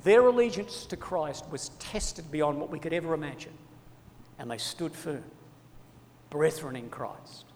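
A man preaching a sermon with passion, his delivery sweeping from loud appeals to hushed, quiet lines. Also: fairly high pitch, a little slow. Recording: long hall reverb.

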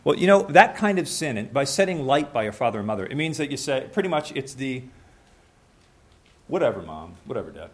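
A man's voice: on the high side, animated, quick pace, few pauses. Conversational man preaching a sermon. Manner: conversational, acts out little scenes with voices.

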